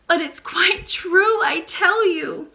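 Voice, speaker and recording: Lady reading sweet earnest little princess girl, squeaky high and bouncy. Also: big pitch swings, normal speed. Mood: pleading. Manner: earnest, pleading, high and bright.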